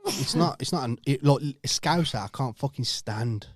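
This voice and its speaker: A young man with a Birmingham accent, swearing and loudly defending himself in casual banter with friends. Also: mid-range voice, normal speed, dry recording, clean studio sound. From Birmingham, England. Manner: swears a lot, loud and defensive. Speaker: podcast co-host.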